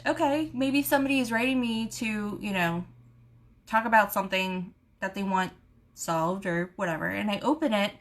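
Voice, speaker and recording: A woman's voice: fairly high pitch, normal speed. Chatty woman on a live stream. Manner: chatty, animated storytelling with laughs. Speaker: beauty vlogger host. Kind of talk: casual live-stream chat. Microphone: camera mic on a live stream.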